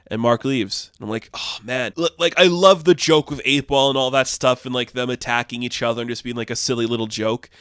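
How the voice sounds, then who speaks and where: A man with a middle-pitched voice runs through a comic issue in a casual, chatty recap. His tone is smooth and resonant, and he keeps slipping into paraphrased quotes. The sound is dry and close, with no room around it. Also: a little fast, few pauses, a bit bright, dry recording. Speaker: comic book reviewer.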